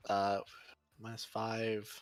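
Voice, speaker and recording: Low-voiced man running a tabletop game. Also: completely flat delivery, takes it slowly, no room sound, soft background music. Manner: chuckling, easygoing rules calls. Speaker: game master.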